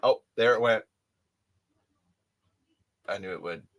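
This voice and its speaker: A man's voice: fairly low pitch, slow pace, fairly bright tone. Guy hosting his own podcast, rambling on solo, candid, keeps restarting his sentences. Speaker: podcast host. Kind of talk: casual solo monologue.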